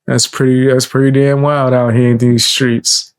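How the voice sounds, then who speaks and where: A man's voice: mid-range voice, little pitch movement, moderate pace, smooth. A man giving casual reaction commentary in a laid-back way, laughing often and using street slang.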